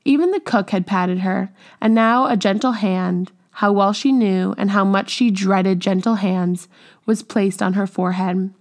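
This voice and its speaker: A woman reading a classic novel aloud as audiobook narrator, measured and even. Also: mid-range voice. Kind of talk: scripted narration.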